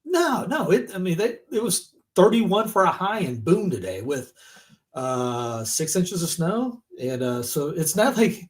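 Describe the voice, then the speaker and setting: A male podcast co-host with a voice sitting a little high for a man. He talks in casual, animated chat and breaks into mocking put-on voices when he quotes people. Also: a little slow.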